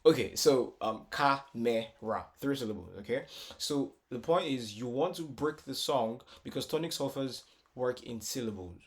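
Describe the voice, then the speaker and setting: A man's voice: mid-range voice, lively intonation, normal speed. A man teaching a casual music tutorial, explaining step by step with lots of repetition and filler words, sometimes singing short phrases. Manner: breaks into short sung phrases.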